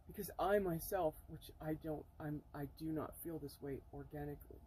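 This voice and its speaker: A woman talking earnestly to the camera in a spiritual vlog from inside her camper, often halting and emotional. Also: sits low, warm tone, a little hiss or hum, poor audio. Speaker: spiritual vlogger. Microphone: camera mic.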